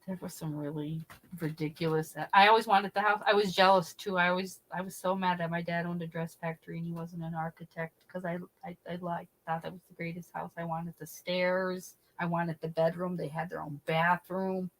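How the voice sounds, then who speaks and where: A middle-aged woman chatting casually to her livestream viewers, laughing often and acting out the voices of people she quotes. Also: on the low side. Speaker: livestream host. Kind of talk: casual chat.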